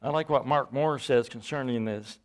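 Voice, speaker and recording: A man preaching a sermon, reading out scripture and breaking into loud, emphatic bursts as he explains it. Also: medium pitch, moderate pace. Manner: animated Bible exposition, rising to loud emphatic bursts.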